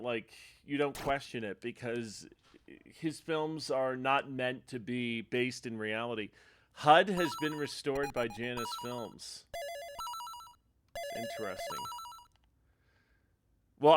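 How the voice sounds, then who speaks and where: A man's voice: medium pitch, fairly bright tone, a little hiss or hum. A man streaming a retro game live, chatting casually in a rambling way and laughing often. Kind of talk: casual chat over gameplay. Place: home streaming setup.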